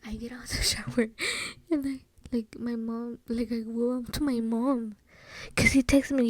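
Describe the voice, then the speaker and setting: A young woman hosting a solo podcast, telling a personal story casually, with slang and Spanish phrases mixed in, often dropping to a soft whisper. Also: a little high, steady tone, moderate pace, no room sound. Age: young adult.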